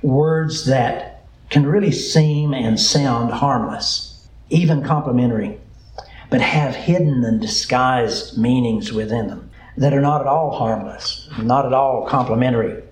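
A pastor from the American South with a Southern accent, preaching a sermon in a slow, deliberate drawl that repeats its key phrases. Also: male voice, mid-range voice, echoey room, slight background noise, low-quality recording.

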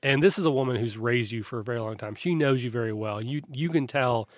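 A man's voice: medium pitch, fast, dry recording. Man narrating as game master, dry sound. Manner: descriptive, relaxed, with frequent restarts.

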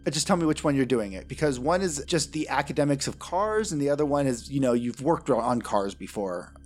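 A man's voice: mid-range voice, expressive, fairly quick. A man running a tabletop game as game master, narrating scenes with dry, wry asides.

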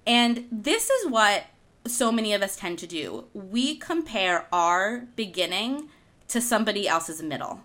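Bright-voiced woman chatting about her day, laughs a lot, lively storyteller. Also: medium pitch, unhurried. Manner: animated, laughing through anecdotes. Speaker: author and guest speaker. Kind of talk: casual storytelling chat.

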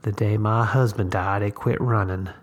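A man voicing a blunt, toothless old countrywoman who answers in short, flat remarks. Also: fairly low pitch, normal speed, close to an everyday voice. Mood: agreeable. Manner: terse and flat-spoken.

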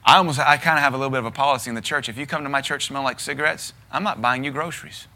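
A man's voice: medium pitch, rapid-fire, pushed and bright. A middle-aged man with a Southern US accent, preaching a sermon in a blunt, emphatic way with lots of repetition. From American South. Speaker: pastor.

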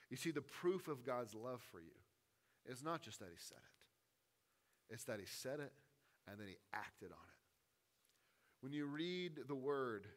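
A pastor preaches a sermon in a mid-range voice, swinging between hushed, intimate lines and loud, rising appeals.

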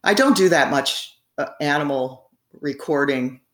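Low-voiced rambling woman, echoey room. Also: unhurried. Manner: rambling, frequent fillers and laughs. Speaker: guest. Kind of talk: casual storytelling in conversation.

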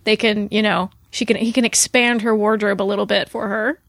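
A woman hosting a podcast, chatty and quick to laugh, speaking in a casual way. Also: medium pitch, level tone, vocal fry, a bit bright, no echo. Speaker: podcast host.

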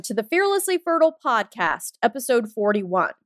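On the high side and animated, a woman in her forties speaks at a measured pace while hosting a motivational podcast, her style emphatic, blunt, punchy and heavy on swearing. The audio is dry studio sound with some faint music.

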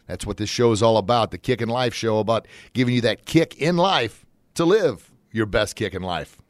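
On the motivational talk show he hosts, this man keeps a folksy, upbeat tone and shouts excitedly as he plays out examples. His pitch is fairly low, his speed normal, and there's no echo.

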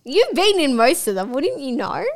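A woman with a fairly high voice co-hosts a podcast in loose, candid chat. She giggles often and tells stories quickly, putting on voices for the people she quotes. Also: very animated. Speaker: podcast co-host. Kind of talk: casual chat.

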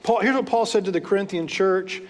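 A man with a high voice preaches to his congregation in a loose, conversational way, slipping in casual asides as he retells scripture. His words ring out with a long reverb, as in a large church hall. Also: fairly quick. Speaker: pastor. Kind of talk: sermon.

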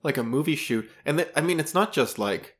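A man's voice: fairly high pitch, animated, fairly quick, fairly bright tone. A man co-hosting a casual podcast, rambling through his thoughts with many fillers and restarts. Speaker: podcast co-host discussing comics. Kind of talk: casual chat.

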